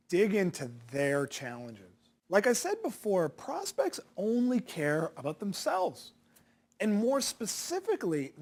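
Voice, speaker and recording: A man's voice: sits high, darkish tone. A man coaching salespeople in a direct-to-camera lesson, punchy and challenging, asking rhetorical questions.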